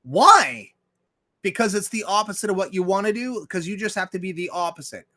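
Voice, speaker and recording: A man with a slightly high voice runs a casual livestream and fires off a profane, argumentative rant. He keeps it blunt and combative, pausing now and then to greet viewers and read their messages aloud. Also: lively intonation, pushed and bright. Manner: reads viewer chat aloud. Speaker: livestream host. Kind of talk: casual ranting commentary.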